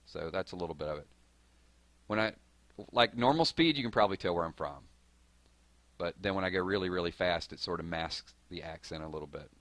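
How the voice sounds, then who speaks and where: A young man from outside Atlanta with a deep Southern accent. He rattles through his words quickly and excitably, reading out and answering chat on a live stream, his low voice bright and forceful. The sound is dry and close, with no room around it. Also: dry recording. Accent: Southern US, Georgia. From Georgia, US.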